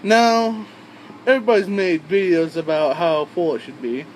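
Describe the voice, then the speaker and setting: A man's voice: high voice, normal speed, a little hiss or hum, low-quality recording. A young man vlogging, telling a rambling story with swearing and many side explanations. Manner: rambling, profane, with frequent asides and restarts.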